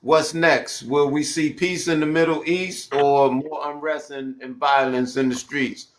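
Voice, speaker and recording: A man's voice: on the high side, fairly even intonation, unhurried, a little hiss or hum. A man hosting a live call-in discussion, easygoing and friendly as he passes the floor to callers. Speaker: host.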